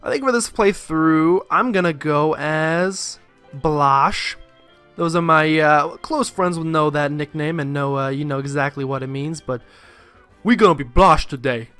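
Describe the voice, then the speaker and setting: A man's voice: a little high, measured pace, fairly bright tone, clean tone, faint music behind. A man doing casual let's play commentary, rambling with jokes and profane asides into a close mic.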